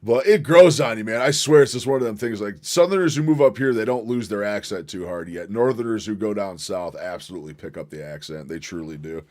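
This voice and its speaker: A man's voice: fairly low pitch, a little fast, few pauses, a little mellow. A man with a slight Southern drawl hosting a livestream, reacting to a played video and chatting with viewers in a loose, joking way, swearing and chuckling. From northern United States. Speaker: livestream host. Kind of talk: casual livestream commentary.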